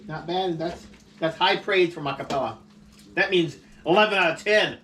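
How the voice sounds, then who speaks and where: His voice sits a little high, with a sharp tone and normal speed, as this man hosts a casual food vlog from home. Chatting playfully mukbang-style at the dining table, he laughs frequently. A distant camera mic records him, adding faint noise.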